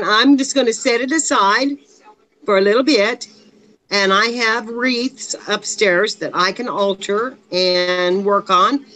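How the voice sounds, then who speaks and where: A woman's voice: medium pitch, fairly bright tone, rough recording. A woman in casual chat on a live video call, rambling a little and laughing often. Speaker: guest on a craft live stream.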